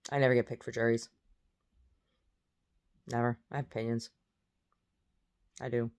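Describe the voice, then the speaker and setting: A woman's voice: extremely low pitch, little pitch movement, moderate pace, darkish tone. A woman in a casual monologue from her bed, blunt and opinionated, with a groggy first-thing-in-the-morning voice. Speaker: vlogger. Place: in bed at home.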